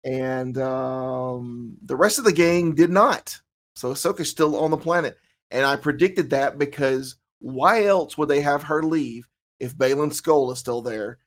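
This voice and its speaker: A man with a Southern US accent from south Alabama, co-hosting a casual podcast chat, animated, laughing often and restarting his sentences. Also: medium pitch, unhurried. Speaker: podcast co-host.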